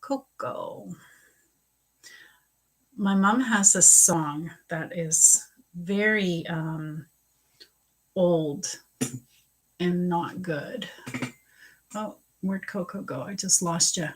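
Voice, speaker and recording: A woman psychic chats her way through live readings, giggly between answers and teary when she turns serious. Her voice sits a little low and husky. She takes her time with every phrase. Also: poor audio. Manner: chatty and giggly, slow and emotional in readings. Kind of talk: casual live-stream reading.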